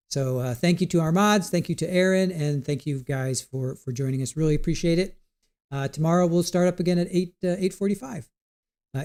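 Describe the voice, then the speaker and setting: A man with a mellow, slightly higher voice chats casually on his livestream, rambling from point to point. He reads out viewer comments and answers them. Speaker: livestream trial commentary host.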